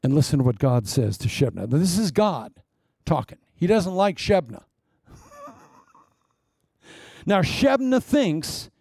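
An animated male preacher who peppers his sermon with rhetorical questions and chuckles. His voice sits a bit high with a warm, mellow tone. The sound is dry and close. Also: no room sound.

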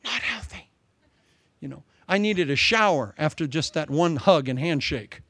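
A male pastor preaching a sermon, telling a story with lively, humorous asides. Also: a little high, normal speed, dry recording.

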